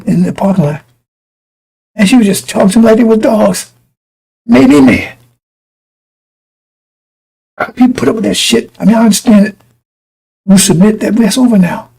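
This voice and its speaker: Blunt, husky-voiced preacher man. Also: sits high, dark tone, rough recording. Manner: blunt, profane, rambling, with many restarts. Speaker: preacher addressing a congregation. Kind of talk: informal broadcast sermon with personal stories.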